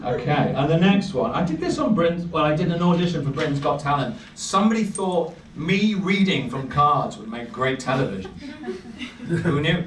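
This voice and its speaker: A man's voice: fairly high pitch, very animated, normal speed. A man in his thirties doing a rambling, self-deprecating stand-up set with lots of asides. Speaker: stand-up comedian. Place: comedy night in a bar, live audience laughing. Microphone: handheld stage mic, recorded from a distance. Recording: roomy, distant, noisy bar recording.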